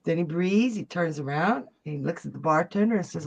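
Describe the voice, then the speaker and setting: A woman co-host tells a joke on a live show, her voice rising and falling with lots of life. She builds the story with animated energy. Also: sits low, fairly quick, vocal fry, husky, dull audio. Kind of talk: telling jokes on a live show.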